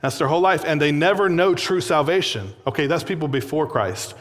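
Brisk and animated, with a voice a little on the high side, a young man preaches a sermon. He relates a personal story casually, peppered with fillers and small laughs, and the recording carries a long hall reverb.

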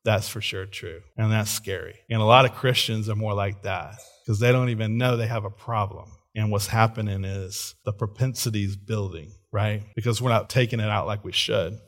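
A middle-aged man preaching a sermon in an animated way, often checking in with "right?" and laughing. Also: fairly low pitch, normal speed, few pauses. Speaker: pastor.

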